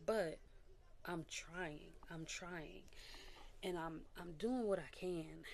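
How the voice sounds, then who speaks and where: A woman's voice: on the low side, takes it slowly, creaky. A young adult woman sharing a candid personal testimony as a casual vlog, talking animatedly and acting out what people said. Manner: candid and animated, with quoted voices and little laughs. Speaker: vlogger.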